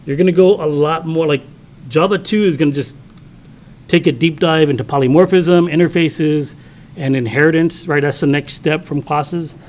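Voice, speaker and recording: College instructor, man, casual lecture, live coding, somewhat high voice. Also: steady tone, normal speed, darkish tone. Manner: casual, thinks aloud while typing, talks to himself; checks in with the class often. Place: classroom with students.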